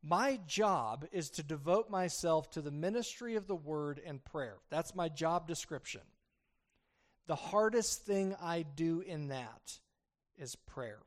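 A man preaching from the pulpit at a deliberate, unhurried pace. His voice sits slightly high for a man, and he swells to forceful emphasis before sinking into soft, hushed appeals. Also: animated. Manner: earnest, building to emphatic peaks then dropping soft. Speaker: pastor. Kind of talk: expository sermon.

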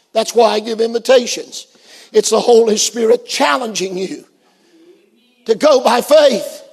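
High-voiced preacher in an echoey hall. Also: male voice. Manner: shouts and then drops very low for the story. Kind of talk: sermon.

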